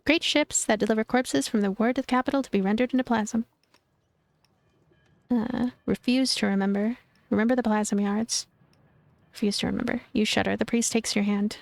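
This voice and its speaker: A woman's voice: a little high, steady tone, normal speed, creaky, darkish tone, no room sound. A woman streaming a story game, reading its text aloud with casual asides. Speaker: gaming streamer. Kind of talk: game playthrough with read-aloud narration.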